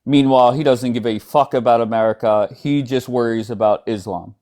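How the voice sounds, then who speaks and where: A man's voice: medium pitch, steady tone, a little fast, warm tone. A man hosts a casual live stream and talks politics with a guest. He is blunt and opinionated, and his voice sits in a mid range. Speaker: livestream host.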